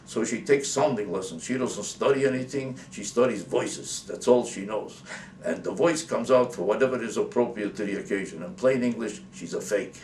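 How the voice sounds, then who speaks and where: A man's voice: fairly low pitch, a little mellow. Male comedian, sarcastic rant, roomy room sound, mic set back. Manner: indignant, rapid-fire, sarcastic. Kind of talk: comic rant to camera. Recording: roomy, distant mic, faint hiss.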